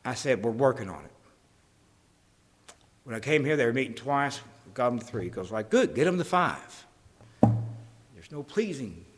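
Pastor, folksy sermon delivery, animated, long hall reverb. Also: male voice, medium pitch, moderate pace, long pauses, soft background music. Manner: folksy, jokey, acts out conversations.

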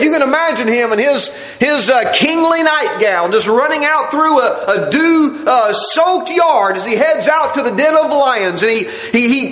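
Animated, high-voiced man preaching. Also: echoey room, rough recording. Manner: dramatic, storytelling, acts out scenes. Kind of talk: sermon.

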